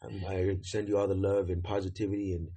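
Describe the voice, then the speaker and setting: A man's voice: low-pitched, flat delivery, a little fast, dark tone, husky. A man hosting a podcast, chatting loosely and joking with a friend. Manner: loose, joking, affectionate banter with swearing. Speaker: podcast host. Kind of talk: casual chat.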